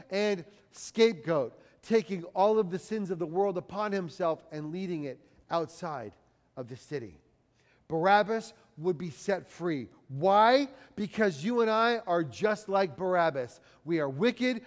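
High-voiced preacher in a reverberant hall. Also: male voice. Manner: dramatic, rising for emphasis and dropping low and quiet. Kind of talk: sermon.

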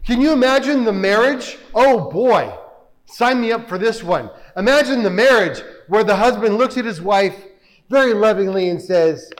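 A man's voice: high voice, lively intonation, moderate pace, long reverb tail, poor audio. A man preaching a sermon, reading scripture aloud and pressing his listeners with emphatic rhetorical questions.

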